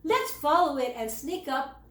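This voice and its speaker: A woman's voice: high voice, sing-song, measured pace. A woman voicing a brave young male lion cub in a storybook, speaking boldly and plainly. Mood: bossy. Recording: roomy, away from the mic.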